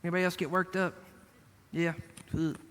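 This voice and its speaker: A man's voice: sits high, little pitch movement, fairly quick, a bit bright, clear, resonant tone, long reverb tail. A male pastor preaching a sermon, speaking emphatically, repeating key words and addressing the congregation directly.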